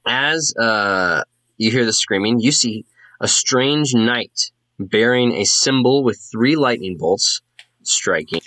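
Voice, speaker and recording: A man's voice: medium pitch, animated, takes it slowly, pushed and bright, no echo. A man narrating a tabletop game as game master, casual and full of fillers.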